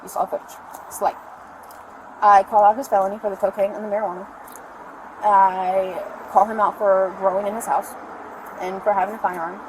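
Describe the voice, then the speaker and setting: A woman's voice: mid-range voice, flat delivery, moderate pace, long pauses. A woman rambling breathlessly as she recounts events to police outdoors, heard through a body camera. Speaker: arrested mother. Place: outdoors by a store parking lot. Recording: noisy body cam audio outdoors.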